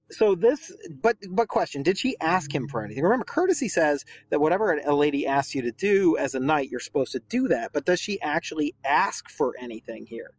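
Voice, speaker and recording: Animated man explaining a poem. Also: on the high side, brisk, few pauses, slightly rough, no echo. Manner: chatty, rhetorical questions, many fillers. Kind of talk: casual literature lesson.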